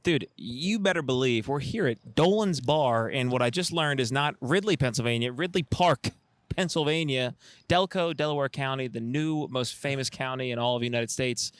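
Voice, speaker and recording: A man's voice: mid-range voice, normal speed, no echo. A young man from New Jersey with a South Jersey accent, co-hosting a casual podcast outdoors, joking, laughing a lot and slipping into goofy impressions. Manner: jokey, laughs often, does goofy impressions. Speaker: podcast co-host. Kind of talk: casual chat. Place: outdoors outside a bar.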